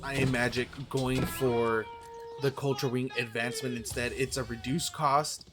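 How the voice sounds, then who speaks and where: A man casting a strategy game match, opinionated, quick to correct himself, and his voice is going hoarse. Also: medium pitch, steady tone, over music. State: losing his voice. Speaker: game caster. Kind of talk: play-by-play strategy game commentary.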